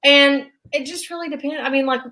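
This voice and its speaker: A young woman, co-hosting a casual recap chat in an excitable, animated way. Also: sits high, fairly quick, poor audio. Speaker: podcast co-host.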